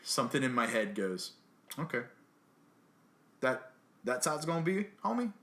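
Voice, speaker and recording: Chatting casually on a podcast he co-hosts, this man recounts a story with lively energy, performing each character's voice himself. His pitch is mid-range and his pace moderate.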